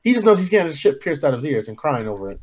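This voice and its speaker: A man's voice: on the high side, very animated, very fast, a little mellow. A man co-hosting a casual podcast chat, joking around and giving blunt opinions. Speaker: co-host.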